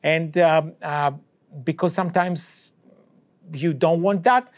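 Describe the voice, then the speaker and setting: Professor telling a lecture anecdote. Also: male voice, a little high, steady tone, slow. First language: not English. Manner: anecdotal storytelling that acts out both sides of dialogues. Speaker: economics professor. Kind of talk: university lecture.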